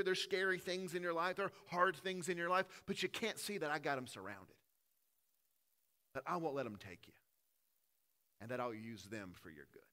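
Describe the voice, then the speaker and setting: A man preaching a sermon, swinging between loud emphasis and quiet, earnest moments. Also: on the high side. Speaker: pastor.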